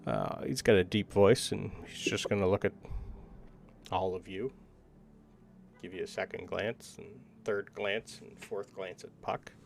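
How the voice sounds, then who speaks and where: Gravelly-voiced man narrating a tabletop game. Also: sits low, a little slow, a little hiss or hum. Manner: casual, lots of ums, descriptive. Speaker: game master.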